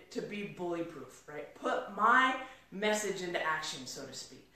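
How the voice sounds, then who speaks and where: A middle-aged woman giving a live motivational talk to an audience, an energetic storyteller who acts out quoted dialogue. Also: medium pitch, measured pace. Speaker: motivational speaker. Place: large room in front of an audience. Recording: echoey room from far off.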